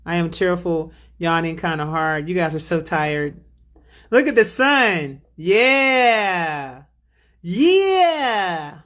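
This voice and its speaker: A woman's voice: lowish voice, takes it slowly, a bit bright. A woman hosting a spiritual livestream, reading out chat and donations in a drawling, affectionate way, calling viewers baby and beloved.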